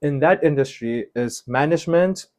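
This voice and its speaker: A young South African man with a South African accent, a guest telling stories in a lively, casual chat and often acting out other people's voices. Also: fairly high pitch, moderate pace.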